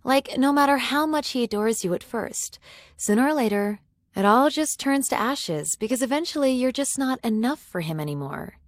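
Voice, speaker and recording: A woman voices a resigned female friend complaining about men, pitching above her own voice while staying close to everyday speech. Her pitch is fairly high, intonation lively, pace moderate, and the studio-quality recording is dry.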